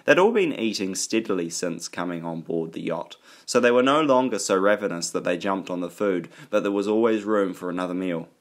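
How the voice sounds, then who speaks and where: Low-voiced man narrating an audiobook. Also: animated, a little fast, few pauses.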